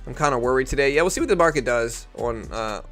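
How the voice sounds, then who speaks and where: A man's voice: mid-range voice, quick pace, soft background music. A man from near New Orleans with a faint Louisiana accent, chatting casually on a live day-trading stream and answering chat. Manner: relaxed, thinking aloud, answering chat. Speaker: day-trading livestream host.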